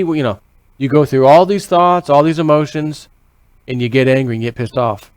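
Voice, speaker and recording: This vlogger from the United States has a smooth, medium-pitched voice and keeps a moderate pace, recorded with no room sound. His monologue is casual and rambling, full of repetition, casual swearing and acted-out inner voices.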